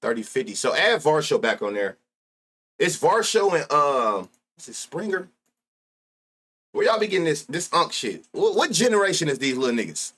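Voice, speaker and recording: A man's voice: on the high side, big pitch swings, normal speed, a bit bright, slightly rough. A man in his thirties with an African American Vernacular English accent, hosting a sports betting live stream with loose, crude, laughing banter. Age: 30s.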